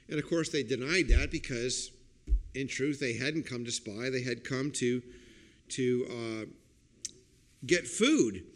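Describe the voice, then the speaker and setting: A man preaching a sermon as a pastor, explaining a passage and checking in with listeners with "okay?" and "right?", and breaking into loud acted-out quotes. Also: mid-range voice, unhurried. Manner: acts out quoted lines with sudden loud outbursts.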